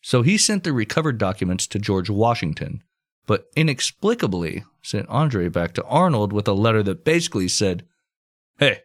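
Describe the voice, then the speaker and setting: A man's voice: fairly low pitch, sing-song, moderate pace. A man co-hosting a podcast, reading a history account aloud in a casual way and breaking off into crude offhand jokes. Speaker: podcast co-host narrating history. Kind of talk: casual history storytelling with banter.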